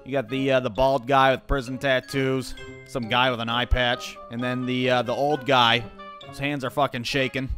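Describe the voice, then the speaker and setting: A man tells a comic story in a profane, exasperated, animated manner. His voice sits at a medium pitch. Faint music plays behind him. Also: moderate pace. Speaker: stand-up comedian.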